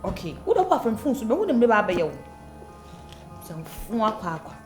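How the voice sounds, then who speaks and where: A woman's voice: on the high side, big pitch swings, fairly quick, a little mellow. A woman, scolding and complaining in a comic drama. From Ghana. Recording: echoey room with music.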